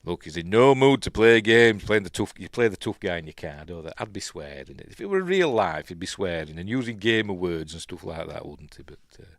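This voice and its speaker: A Yorkshire man hosts a relaxed film review as he watches, talking in a loose, rambling way. He hesitates often and corrects himself mid-sentence. His voice sits fairly low and sounds dry and close, with no room echo. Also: brisk, hardly any pauses. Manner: rambling, chatty, full of ums and self-corrections. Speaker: film reviewer, channel host. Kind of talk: casual watch-along film commentary.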